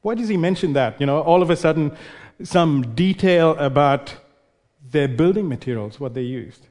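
A man's voice: a little high, expressive, moderate pace, a little mellow, in a large hall. A male preacher giving an expository sermon, explaining and posing rhetorical questions.

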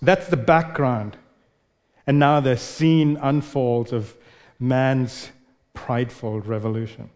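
A man's voice: medium pitch, steady tone, slow, a little mellow, big-room sound. A male preacher giving an expository sermon, explaining and posing rhetorical questions.

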